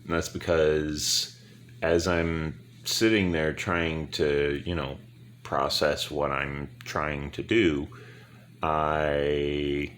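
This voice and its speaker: A man's voice: a bass voice, level tone, very slow, a bit bright. A sleepy man narrating his game casually to viewers, trailing off and mumbling to himself as he plays. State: very sleepy, yawning. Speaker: gaming YouTuber. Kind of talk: casual gameplay commentary.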